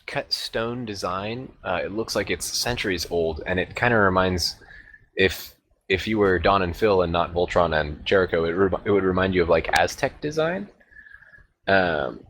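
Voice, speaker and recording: A man's voice: sits low, fairly bright tone, a little hiss or hum. A man narrating as game master of a tabletop game, hesitant with many fillers. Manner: hesitant, filler-heavy, chuckling.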